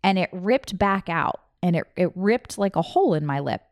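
A woman's voice: fairly low pitch, animated, normal speed, no echo, clean studio sound. Candid, swearing woman in her thirties. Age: 30s. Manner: candid, emotional, swears freely. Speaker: storyteller. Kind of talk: personal storytelling.

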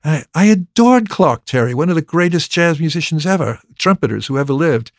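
A man's voice: fairly high pitch, fairly quick, no room sound, clean studio sound. A man, a record producer, telling a long anecdote in conversation, acting out remembered dialogue with frequent restarts and repeated words. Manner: lively, acts out remembered dialogue.

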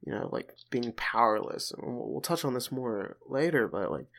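A man with a gravelly, fry-edged voice at an ordinary pitch talks through a show in loose, casual chat. He jokes and retells scenes with animation as a podcast co-host. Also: moderate pace. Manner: animated, joking storyteller.

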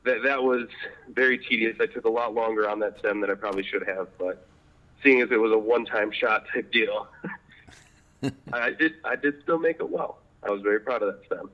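Guest spot: fairly low male voice, chatty, laughs a lot, slightly dull lo-fi audio. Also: brisk. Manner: chatty, laughs often, animated when retelling. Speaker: podcast guest, apprentice pipe maker. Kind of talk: casual interview chat.

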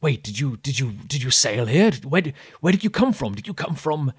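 A man's voice: on the low side, husky, no room sound, clean studio sound. A man voicing a wary, weary villager who calls out from behind a door, stammering and repeating himself. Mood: suspicious. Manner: loud, halting, stammering.

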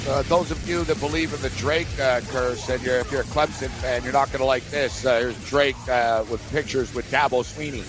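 A man's voice: mid-range voice, fairly even intonation, brisk, hardly any pauses, music in the background. A man hosting sports radio, chatting casually with many "yeahs.".

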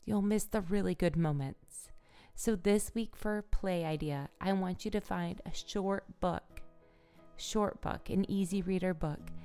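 Slow, gentle, gravelly-voiced woman host. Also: lowish voice. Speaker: podcast host for mothers. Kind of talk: calm self-care pep talk.

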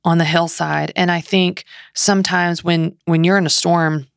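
A woman's voice: fairly low pitch, fairly even intonation, normal speed, creaky, dry recording, studio quality. A woman in her thirties, a guest on a faith podcast, telling a story with passion and acting out inner voices. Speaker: guest author and speaker.

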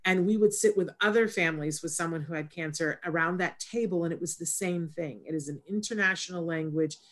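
A woman's voice: lowish voice, fairly quick. A woman hosting a casual interview, telling a personal story with a reflective, storytelling manner before introducing her guest. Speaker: host.

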